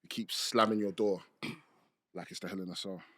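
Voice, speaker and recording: A man co-hosting a podcast, running a promo game and reading out scenarios in a relaxed, plain way. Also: deep voice, normal speed, husky. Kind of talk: casual podcast chat.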